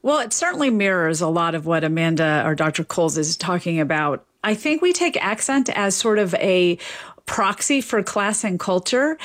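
A woman, an academic guest giving a measured explanation and listing points. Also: mid-range voice. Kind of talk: interview explanation.

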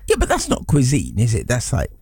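A man chatting casually, his husky, gravelly voice swooping wildly from low to high as he teases and quizzes his co-host. The sound is close and dry. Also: wildly swooping pitch, a little fast, a little mellow, dry recording. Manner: teasing, quizzical questioner. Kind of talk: casual chat.

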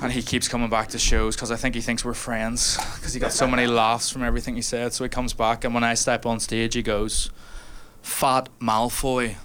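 A man's voice: medium pitch, level tone, fairly quick, few pauses, fairly bright tone. A Northern Irish man doing a brash live stand-up set, riffing with the crowd and laughing through his lines in a small room. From Northern Ireland. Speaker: stand-up comedian. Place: small converted hotel room, live audience. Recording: noisy live club recording.

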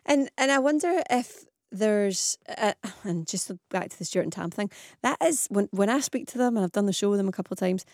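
A woman's voice: medium pitch, lively intonation, brisk, darkish tone, dry recording. A Scottish woman presenting a radio phone-in, chatty and reading out listener messages in a studio. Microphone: studio microphone.

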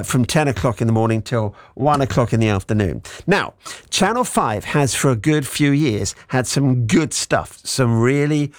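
Man, radio presenter, playful teasing manner, middle pitch, dry studio sound. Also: no room sound. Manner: playful, teasing, animated delivery. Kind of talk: local radio chat show.

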